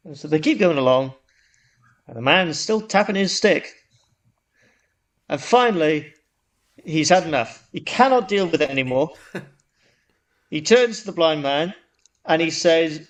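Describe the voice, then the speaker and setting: A man's voice: a little high, moderate pace, pauses often. A man co-hosting a podcast, telling a long joke in a casual, rambling way with frequent restarts. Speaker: podcast co-host.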